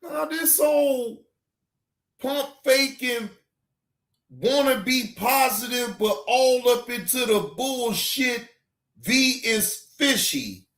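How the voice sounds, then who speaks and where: A male reaction channel host giving heated, profane ranting commentary, often shouting. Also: very high-pitched, lively intonation, takes it slowly, echoey room.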